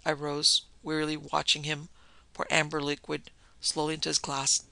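A man reading a novel aloud as a steady, measured audiobook narrator. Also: a little high, gravelly, dry recording, poor audio. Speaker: audiobook reader. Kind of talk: scripted narration.

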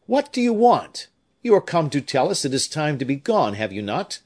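A man's voice: medium pitch, sing-song, unhurried, voice pushed up. A man voicing a devoted young nobleman who speaks fervently and with emotion. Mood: excited.

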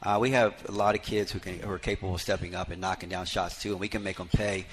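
A man coaching basketball talks through a live radio interview from a bar full of fans. His voice sits low and he rambles warmly in a folksy storytelling way, leaning on "you know" fillers. A soft hiss runs under the recording. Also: steady tone, fast.

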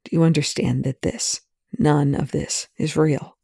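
A reader voicing a gruff male military colonel in a fan fiction reading, quiet and hesitant, with a lowered voice. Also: little pitch movement, a little slow, dry recording, clean studio sound.

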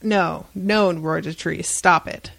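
Gravelly-voiced woman retelling a story. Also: lowish voice, slow, dry recording. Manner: animated retelling, dry asides, swears freely. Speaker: podcast host. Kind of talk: casual book discussion.

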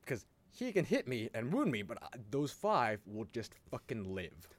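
Animated, swearing man on a podcast. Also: mid-range voice, moderate pace. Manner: animated storytelling, swears often, laughs a lot. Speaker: podcast host. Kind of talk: casual chat.

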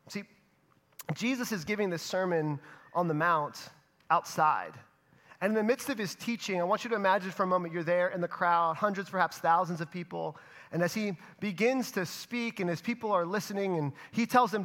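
A man preaching a sermon as pastor, speaking in short phrases with dramatic pauses and swinging between loud emphasis and hushed delivery. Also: sits high.

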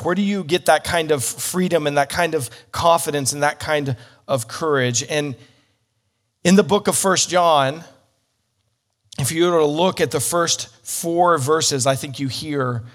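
A man teaching the Bible as a sermon, telling a story earnestly with slips and restarts. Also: fairly high pitch.

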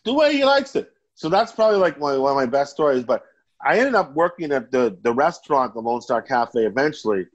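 Guy, mid-pitched, loose and profane, a natural anecdote-teller. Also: brisk, lo-fi sound. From Canada. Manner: profane, rambling, animated. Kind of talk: casual storytelling.

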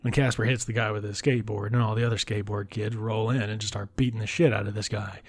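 A man with a fairly low voice walks through a film's plot in a casual recap. He talks bluntly and swears freely, and now and then he drops into a breathy whisper for an aside. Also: level tone, fast talker. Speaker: film reviewer. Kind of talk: casual film recap commentary.

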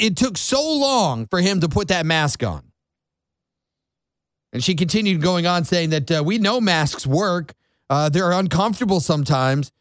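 Lively, sarcastic male talk radio host. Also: high voice, dry recording, studio quality. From Florida. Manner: sarcastic, opinionated, animated. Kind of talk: conservative talk radio monologue. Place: radio studio without a window. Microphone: studio microphone.

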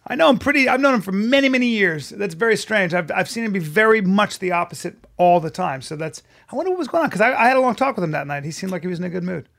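Male comedy podcast co-host, high voice with gravel, rambling jokey delivery. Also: expressive, fast talker, hardly any pauses, a bit bright. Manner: joking, rambling with restarts. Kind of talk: casual comedy podcast chat.

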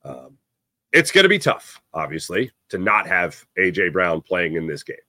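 A man's voice: low-pitched, sing-song, normal speed, pushed and bright, no echo, clean studio sound. A man hosting a sports talk show, giving a rambling, jokey monologue with lots of fillers. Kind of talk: casual sports commentary monologue.

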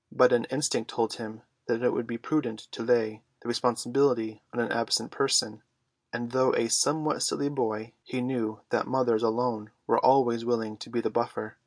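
Man reading a storybook aloud, mid pitch, super dry close mic. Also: level tone, moderate pace, dry recording. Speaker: audiobook reader. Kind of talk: storybook narration.

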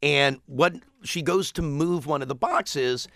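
Male talk-show co-host, gravelly, meandering storytelling, close dry mic. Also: on the high side, measured pace, pushed and bright, dry recording. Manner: rambling storyteller, chuckles often. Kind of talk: casual chat, retelling a news story.

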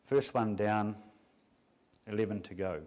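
Man preaching a measured sermon. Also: on the low side, darkish tone. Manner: rhetorical questions, measured emphatic delivery. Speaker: pastor.

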